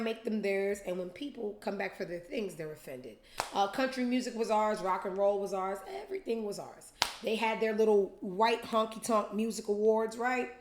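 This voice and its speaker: A woman hosting a commentary show, ranting in a blunt, scornful way. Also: mid-range voice. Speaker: show host. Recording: roomy echo.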